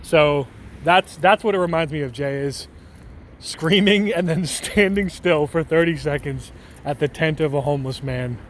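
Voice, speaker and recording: A man's voice: on the high side, normal speed. A man live-streaming outdoors on a city street at night, answering viewers' messages in a rambling, joking way that often breaks into laughter. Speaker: IRL livestreamer. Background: faint traffic and street ambience.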